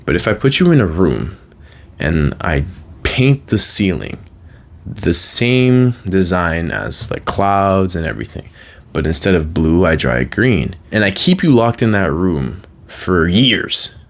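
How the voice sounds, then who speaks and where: A young man with a very low, deep voice talks loosely to the camera. He rambles in a slangy, offhand way, joking with himself as he goes. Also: expressive, measured pace. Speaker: vlogger. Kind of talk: casual mindset monologue.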